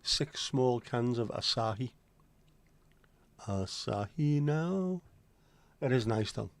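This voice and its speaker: A man's voice: mid-range voice, expressive, slow pace, gravelly, no room sound. A man hosting a casual livestream, chatty and joking as he answers viewer comments. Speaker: livestream host.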